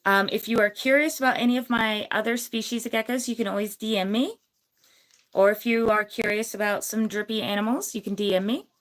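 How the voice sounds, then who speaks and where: A young woman with a fairly high voice chats through a livestream giveaway, bubbly and full of fillers. Her voice is slightly hoarse, as if she is losing it. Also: steady tone, a little fast, a bit bright, rough recording. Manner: bubbly, chatty, many fillers. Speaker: gecko breeder hosting a livestream giveaway. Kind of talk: casual livestream chat.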